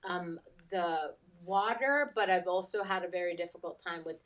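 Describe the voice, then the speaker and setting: Woman life coach, candid and animated storyteller, sits back from the mic. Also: fairly low pitch, normal speed, far from the mic. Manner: candid storyteller, acts out quotes, laughs easily. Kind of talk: casual chat.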